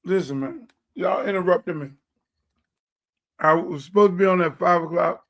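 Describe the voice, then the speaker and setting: A man's voice: high-pitched, moderate pace, fairly bright tone. A man hosting a casual livestream chat, rambling on in a loose, chatty way while he eats. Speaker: show host.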